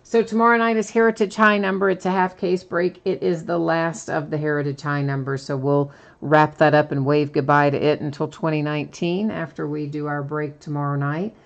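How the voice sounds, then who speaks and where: A woman with a notably low voice runs a live card-break stream. She talks in a chatty, easygoing way, listing cards and dates one after another. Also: fairly even intonation, fairly quick, vocal fry, few pauses, highs cut off. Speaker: sports card break host. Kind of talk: live stream product recap.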